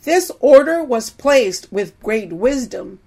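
A woman's voice: fairly high pitch, lively intonation, takes it slowly, creaky, dark tone, breathy edge. A middle-aged woman teaching a sermon to women, preachy, often calling out "amen?". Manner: preachy, frequent call-outs of "amen?".

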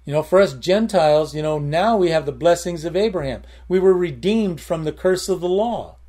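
A man's voice: a little high, lively intonation, normal speed, mellow. A man preaching a sermon in a conversational way, repeating key phrases and breaking into short prayers. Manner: conversational, with prayers and emphatic repetition.

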